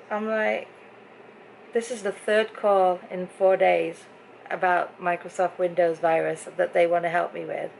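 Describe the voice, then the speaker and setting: A woman's voice: fairly low pitch, flat delivery, unhurried, gravelly, slight background noise, low-quality recording. A middle-aged English woman from Britain, telling a story in a chatty, exasperated way in a casual vlog at home. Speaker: vlogger. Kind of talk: casual chat to camera. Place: home bedroom.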